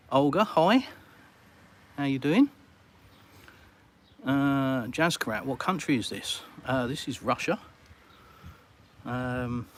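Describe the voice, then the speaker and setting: A middle-aged English man hosting a casual live Q&A from a sunny balcony, blunt and full of jokey banter. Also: mid-range voice. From England. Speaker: livestream host.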